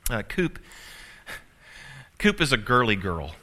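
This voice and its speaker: A man's voice: medium pitch, sing-song, slow, sharp tone. A man preaching a sermon as pastor, telling a family story with humor and building emphasis. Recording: reverberant hall.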